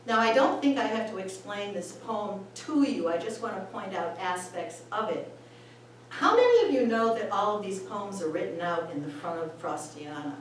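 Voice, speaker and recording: A woman's voice: medium pitch, animated, moderate pace. A woman, a former school administrator, giving a chatty talk on poetry to choir singers, laughing often and reading lines aloud. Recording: echoey room, voice far from the mic, faint background noise.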